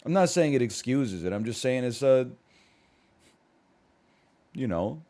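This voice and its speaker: A man in a relaxed live-stream chat, answering his chat as he goes. His voice sits at an ordinary middle pitch but leaps up when something gets him going, and he wanders off on tangents and rambles through asides. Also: measured pace. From Canada.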